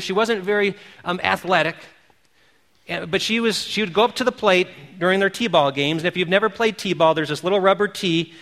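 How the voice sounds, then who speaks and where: A man preaching a sermon, telling stories in an animated way and calling out quoted cheers. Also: high-pitched, big-room sound. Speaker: pastor. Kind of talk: sermon with storytelling.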